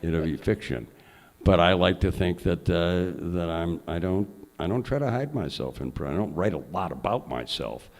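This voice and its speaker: An older man, a journalist and honored guest, telling lively, profane anecdotes on stage at an event. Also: low voice, moderate pace. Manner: lively raconteur, salty language. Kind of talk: live anecdotal storytelling on stage. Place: event hall before an audience.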